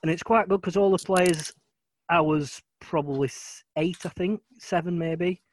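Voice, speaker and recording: A man's voice: sits high, moderate pace. Hesitant man in casual chat. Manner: hesitant, many ums. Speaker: guest cricketer.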